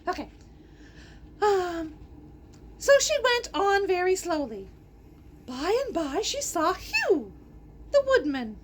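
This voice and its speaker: A woman's voice: very high-pitched, big pitch swings, takes it slowly, long pauses, slight background noise. A woman hosting a casual storybook read-aloud, breaking off into chatty, silly asides and giggles. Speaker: storyteller host.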